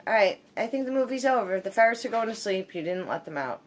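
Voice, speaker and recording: A woman's voice: medium pitch, lively intonation, fast, noisy background. A woman at home filming her pets on a phone, talking playfully to her bird and laughing often. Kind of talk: casual chat to pets while filming.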